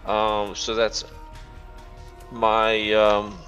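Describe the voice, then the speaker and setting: A man's voice: lowish voice, completely flat delivery, extremely slow, a bit bright, faint music behind. A man chatting casually as a player in a tabletop game, often cutting in. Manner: casual, talks over others.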